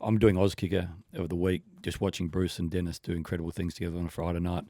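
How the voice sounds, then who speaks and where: A man's voice: low voice, little pitch movement, quick pace, mellow, dry recording, studio quality. A middle-aged Australian man hosting a radio show, telling wry anecdotes in casual banter. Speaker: radio host. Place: radio studio.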